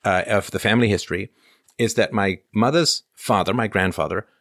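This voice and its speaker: Man with a low voice, casual livestream host, reads viewer comments aloud, lots of ums and uhs, dry close sound. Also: a little fast, fairly bright tone, no room sound. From Canada. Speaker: show host answering viewer questions. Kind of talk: casual livestream chat reading super chats.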